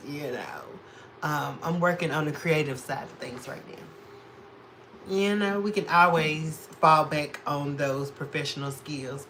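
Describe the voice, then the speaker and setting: A man from Chicago does drag makeup on a livestream, chatting and reading comments in a sassy, animated way as he talks back to them. His voice sits on the high side, and the low-quality recording carries a little hiss or hum.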